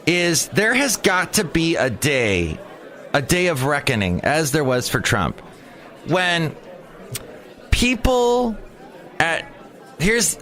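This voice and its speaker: A man's voice: fairly high pitch, slow pace, long pauses. A man hosting his own daily podcast, rambling through a comedic monologue with lots of restarts and asides. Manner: rambling, animated, self-interrupting. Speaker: podcast host. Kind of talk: comedic monologue with character voices.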